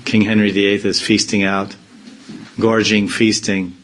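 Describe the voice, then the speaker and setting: A swami speaking in an informal spiritual discourse, rambling from point to point with playful asides. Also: male voice, lowish voice, flat delivery, unhurried, fairly bright tone, slight background noise, poor audio. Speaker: swami giving a spiritual talk. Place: temple community in India.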